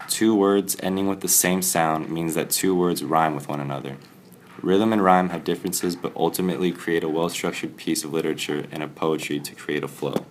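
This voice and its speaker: A man reading a poem aloud and then presenting a poetry analysis for class in a plain, steady way. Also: deep voice, slight background noise.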